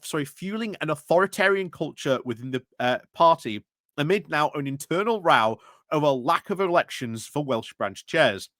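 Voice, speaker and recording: A man's voice: fairly high pitch, a bit bright, dry recording. A man hosting a casual political commentary livestream, chatty and wry, with lots of filler words and self-corrections. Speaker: political commentary channel host.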